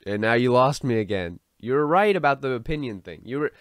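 A man's voice: mid-range voice, expressive, fairly quick, no room sound, studio quality. A man giving a sarcastic, mocking commentary in a video about a film writer. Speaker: online commentator. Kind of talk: commentary vlog.

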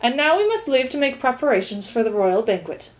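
A woman's voice: sits high, sing-song, brisk, pitched above the performer's own voice. A woman voicing a demanding, lecturing male count in a storybook reading.

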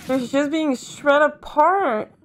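A woman's voice: high voice, slow, slight background noise. A young woman giving a first-time movie reaction, emotional and given to gasps and exclamations.

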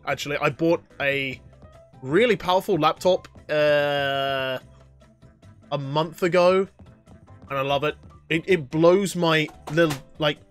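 A fairly high-voiced young man does live gameplay commentary with excitable energy, breaking into laughs and sudden yelps as he plays. He reads viewers' questions aloud and chats back. Faint game music plays behind him. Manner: excitable, reads chat questions aloud and answers them, frequent laughter and outbursts. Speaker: gaming livestreamer.

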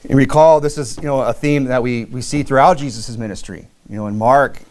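A man's voice: mid-range voice, a little fast, darkish tone. A married man preaching a sermon in a loose, conversational way, with frequent fillers and restarts. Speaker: pastor.

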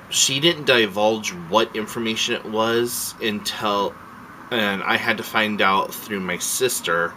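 A man's voice: on the low side, bright, forceful tone, slight background noise, rough recording. A man vlogging a casual rant, rambling and heartfelt, swearing freely and emotional as he tells his story.

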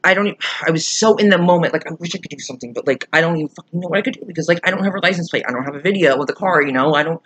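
A YouTuber telling a storytime vlog while irate and upset, swearing a lot and swinging from loud outbursts to quiet muttering. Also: mid-range voice, very fast, hardly any pauses, a little hiss or hum.

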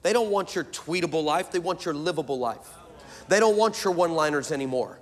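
A man's voice: on the high side, lively intonation, brisk, in a large hall. A man preaching a sermon, telling stories with emphasis and jokes. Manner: emphatic, joking storyteller. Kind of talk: sermon with storytelling.

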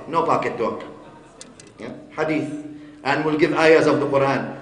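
High-voiced man preaching in echoey hall. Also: normal speed, pauses often. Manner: teaching with rhetorical questions, Arabic phrases woven in. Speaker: shaykh lecturing. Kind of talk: sermon.

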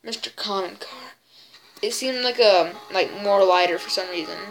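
Excitable woman doing a silly voice. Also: mid-range voice, normal speed. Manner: put-on silly voice, excitable exclamations. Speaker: gaming video creator. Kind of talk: gameplay commentary. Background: game music.

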